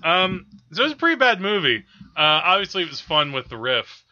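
A man's voice: fairly high pitch, sing-song, a little fast, sharp tone, highs cut off. A man co-hosting a podcast, chatting casually about films with frequent laughs and hesitant fillers. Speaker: podcast co-host.

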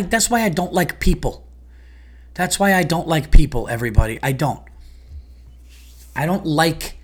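A man's voice: on the high side, fairly bright tone. A comedian and podcast host ranting in a heated, profane, exasperated monologue about his day.

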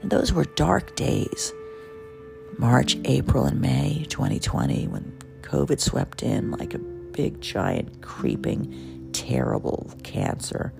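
Gravelly, swooping host voice, keyed up and confessional, recorded at home over background music. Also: medium pitch, slow. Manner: excitable, jazzed up, drops into hushed asides. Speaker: podcast host and memoir author. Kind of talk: personal gratitude monologue. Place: home, early morning, quiet for neighbors.

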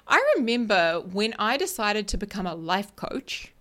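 A woman life coach talks straight to her listeners in a loose, chatty solo podcast. She keeps checking in with "right?" and drifts into tangents. Her voice sits at an ordinary middle pitch. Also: very animated, a little slow, a bit bright. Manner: chatty, keeps asking "right?", laughs at herself. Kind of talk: casual solo podcast talk.

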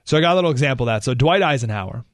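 A man hosting a talk radio show, delivering an animated monologue full of rhetorical questions and sarcasm. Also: mid-range voice, racing, no echo, clean studio sound.

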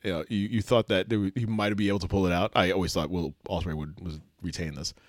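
A man co-hosting a casual chat show, excitable and halting, full of fillers and restarts. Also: low voice, dry recording, studio quality. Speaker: podcast co-host.

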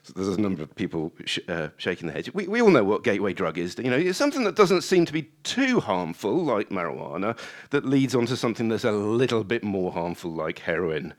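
A man's voice: brisk, hardly any pauses. A man preaching a sermon in a conversational way, acting out prayers with rising emphasis. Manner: animated, rising high when acting out prayers; conversational with restarts and asides.

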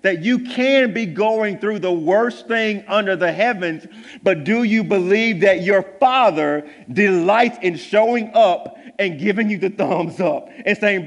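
A man preaching a sermon as pastor, earnest, sometimes dropping to a hushed, low voice. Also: measured pace, big-room sound. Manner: earnest, drops to a hushed low voice for tender points.

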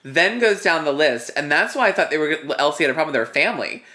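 A man co-hosting a podcast, recapping a TV episode in an animated, rambling way full of "like". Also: fairly high pitch, quick pace. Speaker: podcast co-host. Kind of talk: casual TV recap chat.

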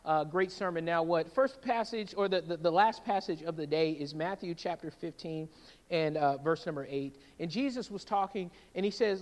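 A man preaching a sermon in a church, in a lively conversational way that keeps checking in with a "right?". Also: fairly high pitch, normal speed, long reverb tail. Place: church sanctuary.

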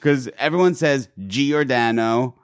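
A man's voice: medium pitch, unhurried, clear, resonant tone, no echo, clean studio sound. A man bantering casually as a podcast co-host, laughing often.

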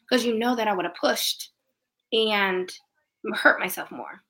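Bright-voiced woman telling a candid story. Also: a little high, normal speed, vocal fry. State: recovering from throat surgery. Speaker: musical theater performer. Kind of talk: casual conversation.

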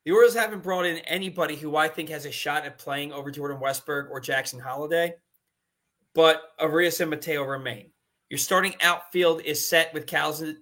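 A man's voice: a little high, a bit bright. A man co-hosting a casual sports talk show, ranting with exasperated emphasis. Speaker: podcast co-host.

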